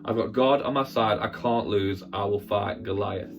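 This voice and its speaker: Guy doing a determined shepherd lad, steady and sure of himself, faint guitar behind. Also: on the low side, normal speed, vocal fry. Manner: firm, determined. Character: confident young male shepherd, steady and sure.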